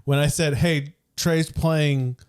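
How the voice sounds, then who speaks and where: A man's voice: on the high side, steady tone, slow, clean tone. A man hosting a casual podcast, teasing his co-host and cracking jokes as they talk. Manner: teasing, jokey, slips into silly voices. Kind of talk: casual chat.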